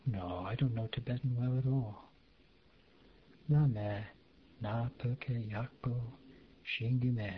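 A man reading a language lesson aloud, slowly and carefully, giving word-by-word glosses. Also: mid-range voice, lo-fi sound, a little hiss or hum. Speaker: language teacher.

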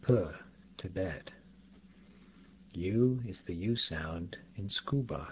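A man teaching pronunciation in a slow, deliberate way, spelling out sounds and repeating example words. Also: deep voice, lively intonation. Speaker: language teacher. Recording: dull lo-fi recording, faint background noise.

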